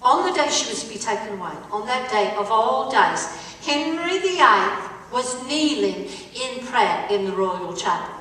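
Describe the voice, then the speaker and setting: A bright-voiced woman storyteller with a high, lively voice, performing for a live crowd. She drags out her phrases and pauses to quiz her listeners. She is picked up from far off in a large, echoing hall. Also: slight background noise. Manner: dramatic, drawn-out, quizzing listeners. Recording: echoey hall recorded from far off.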